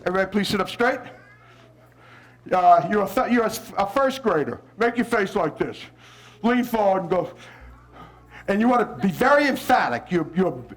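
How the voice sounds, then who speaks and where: A man from New Orleans, a visiting poet, coaching children and parents to recite with expression, coaxing them along and breaking into shouted lines. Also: high voice. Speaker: visiting poet leading a school workshop. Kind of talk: lively workshop with children and parents.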